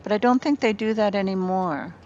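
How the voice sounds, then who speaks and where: A woman's voice: mid-range voice, brisk, a little mellow, muffled recording. A woman streaming a game from her apartment, chatting casually with viewers and thinking aloud as she builds. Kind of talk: casual gameplay chat with viewers. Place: home apartment.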